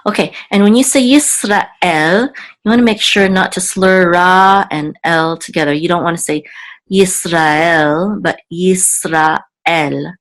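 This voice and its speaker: A woman teaching a reading lesson, patiently repeating and slowly sounding out each word. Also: lowish voice. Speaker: Hebrew teacher. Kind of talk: explaining a reading lesson to camera.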